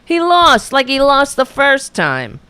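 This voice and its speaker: A woman's voice: high-pitched, wildly swooping pitch, slow pace, pushed and bright, slight background noise. Fiery, profane woman ranting. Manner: heated, profane, sarcastic rants at a played clip. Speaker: podcast host. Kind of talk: angry political commentary.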